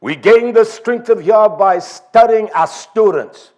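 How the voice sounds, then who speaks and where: Male preacher, higher voice, slow emphatic delivery with big swings in pitch. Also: a little mellow. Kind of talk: sermon.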